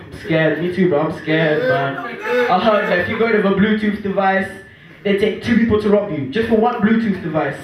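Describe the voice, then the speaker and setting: A man, doing excitable, self-mocking stand-up comedy at a live venue. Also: high voice, dull audio. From Angola. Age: 20s. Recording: distant, echoey live room, audience noise.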